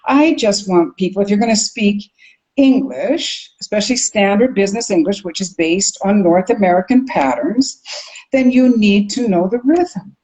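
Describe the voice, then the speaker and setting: An older woman from Canada tells stories about her teaching in an interview. She talks expressively and sounds out rhythms and syllables. Her voice sits in an ordinary middle pitch. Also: expressive, moderate pace, a little mellow, low-quality recording. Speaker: accent coach and communication teacher. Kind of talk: animated interview storytelling.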